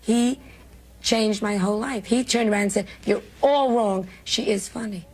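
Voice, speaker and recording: A woman's voice: medium pitch, normal speed, darkish tone. An older woman with a New York accent, a comedian telling brash, self-mocking stories in an interview. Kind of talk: candid interview storytelling.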